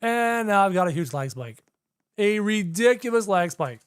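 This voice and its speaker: A young adult streamer narrates a live game session, chatting with viewers and repeating phrases as they work things out. The voice swings widely in pitch and sounds close and dry, with no room around it. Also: expressive, moderate pace, smooth, no room sound. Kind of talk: live gameplay commentary.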